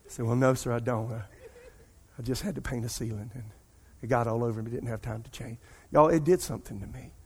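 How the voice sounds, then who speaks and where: A middle-aged man, a pastor preaching a sermon and telling a personal story in an animated way. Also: medium pitch, quick pace. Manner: animated storytelling, addresses congregation as "y'all".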